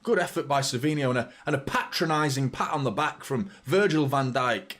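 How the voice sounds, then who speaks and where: Mixing play-by-play with blunt, profane fan talk, this man hosts a live football watchalong for his fan channel. His mid-range voice is expressive and fairly bright, and he talks at a fairly quick clip.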